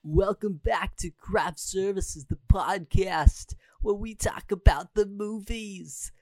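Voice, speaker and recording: A man's voice: slow pace, a little mellow, no echo, faint music behind. A man hamming up a fake-accented announcer voice for a podcast intro. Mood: showy. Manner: exaggerated put-on accent, raised pitch.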